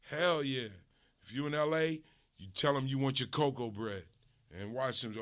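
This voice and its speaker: A man from the US West Coast, a streamer host, delivering a casual, profane, animated comedic rant. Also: mid-range voice, moderate pace.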